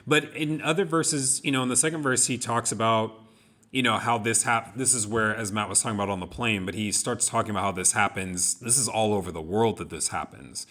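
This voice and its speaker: A young man co-hosting a podcast casually discusses song lyrics, telling personal stories in an earnest, reflective way with many restarts. His voice is fairly low, brisk, and sharp in tone.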